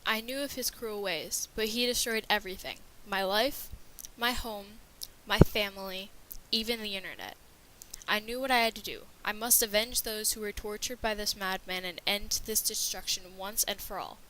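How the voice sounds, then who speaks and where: A woman's voice: mid-range voice, steady tone, moderate pace, bright, forceful tone, slight background noise, low-quality recording. A woman narrating a scripted horror story with a dramatic reading manner.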